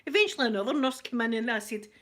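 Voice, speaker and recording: A middle-aged Scottish woman, hosting a live chat, telling a story in a chatty, animated way. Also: fairly high pitch, very fast. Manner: chatty, animated retelling with laughter. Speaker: livestream host.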